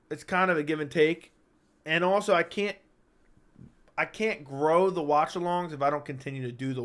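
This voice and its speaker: A man's voice: fairly high pitch, fairly bright tone. Hiccuping man hosting a casual live stream. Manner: reads viewer chat aloud and answers; halting, restarts sentences between hiccups. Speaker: MMA channel host.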